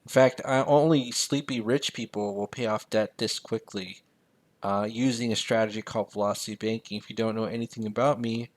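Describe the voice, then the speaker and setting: A man's voice: fairly low pitch, steady tone, a little fast. A sleepy man giving a casual late-night finance tutorial over a screen share, rambling and poking fun at himself. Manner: rambling, self-mocking, jokey asides. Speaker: personal finance mentor.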